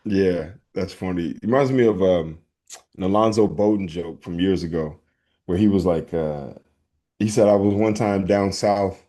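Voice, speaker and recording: Easygoing low-voiced podcast co-host. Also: male voice, moderate pace, dark tone. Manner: upbeat, easygoing, acts out both sides of a scene. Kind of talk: casual chat.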